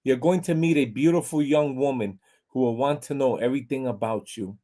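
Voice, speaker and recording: A man reading out the lines of a calm female carnival psychic in a joke. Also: mid-range voice, a little fast, natural voice. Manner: calm, matter-of-fact.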